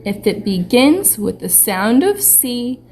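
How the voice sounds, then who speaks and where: A woman teaching young children in an online lesson, talking slowly with lots of questions and sounding out letters. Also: fairly high pitch, very animated, a little mellow, slight background noise. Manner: slow, sing-song teacher talk with many questions. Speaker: preschool teacher.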